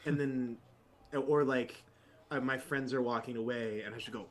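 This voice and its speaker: A man co-hosting a tabletop game podcast in casual chat, telling an exasperated story with big jumps in pitch. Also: fairly even intonation, moderate pace. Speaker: podcast co-host.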